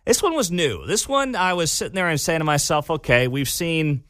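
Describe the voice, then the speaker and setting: A man hosting a talk radio show, giving animated, sarcastic commentary from a studio. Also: on the high side, normal speed, dry recording.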